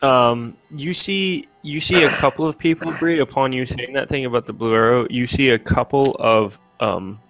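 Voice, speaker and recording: A man's voice: medium pitch, normal speed, few pauses, fairly bright tone, dry recording, soft background music, poor audio. Male game master, loose rambling narration, dry recording. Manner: rambling, full of fillers and restarts.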